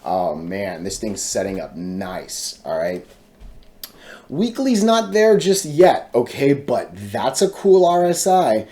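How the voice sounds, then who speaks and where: A man giving casual, excitable stock chart commentary, chanting repeated words and checking in with viewers. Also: mid-range voice, slow pace. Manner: talks to viewers directly, frequent "right?" and "all right?".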